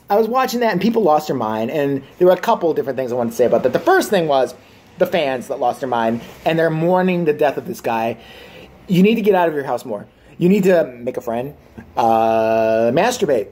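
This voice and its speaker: A man's voice: fairly high pitch, a little mellow. Sarcastic 30s guy ranting into the camera, swears nonstop, crude jokes. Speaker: vlogger. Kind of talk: profane comedic rant.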